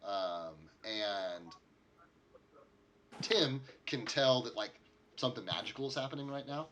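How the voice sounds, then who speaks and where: A man's voice: on the low side, animated, measured pace, fairly bright tone, a little hiss or hum. A man narrating as a game master in a casual, rambling way, with many fillers.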